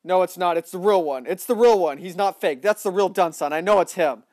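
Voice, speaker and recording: A young man giving excitable live commentary on a shooter game, often yelling at opponents. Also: high voice, brisk, no echo, clean studio sound. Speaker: livestreaming gamer.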